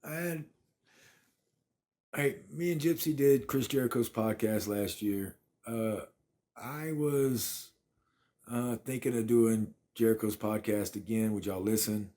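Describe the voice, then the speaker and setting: A man's voice: on the low side, dark tone. A man, chatting casually on a phone livestream from his apartment and thanking viewers by name. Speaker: livestream host.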